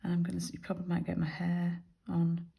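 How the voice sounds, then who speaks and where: A British woman demonstrates card making in a chatty, step-by-step way. Her voice sits low, with a gravelly, mellow tone. She talks along as she works, explaining each move. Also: completely flat delivery, fast talker, low-quality recording. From United Kingdom. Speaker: craft demonstrator.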